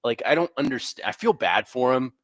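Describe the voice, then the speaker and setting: A man's voice: medium pitch, normal speed, no room sound. A young man co-hosting sports radio in a studio, telling stories with sarcasm and lots of fillers. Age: young adult. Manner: animated storyteller, sarcastic, full of fillers. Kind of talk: sports talk radio banter.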